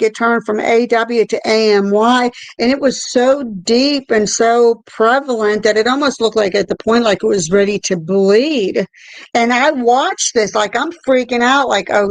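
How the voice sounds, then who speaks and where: A middle-aged woman co-hosting a casual talk show, telling a story in an animated way with swearing. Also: on the high side, dry recording, rough recording. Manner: animated storytelling, swearing, repeated "I'm there like". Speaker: co-host. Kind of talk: casual chat about paranormal experiences.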